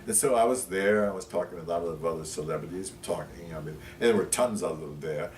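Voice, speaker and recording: An older man from Pennsylvania, telling animated anecdotes as an interview guest, with many fillers and restarts. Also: low voice, fast. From Pennsylvania, USA. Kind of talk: anecdotal storytelling. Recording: roomy, distant mic, faint noise.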